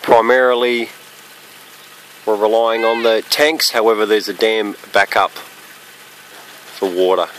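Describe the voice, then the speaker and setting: Low-voiced man explaining his pump outdoors. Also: fairly even intonation, fairly bright tone, slight background noise. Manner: plain, practical, matter-of-fact explaining with pauses. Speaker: homeowner demonstrating a fire sprinkler system. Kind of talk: casual walkthrough narration. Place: outdoors on a rural property near a running pump.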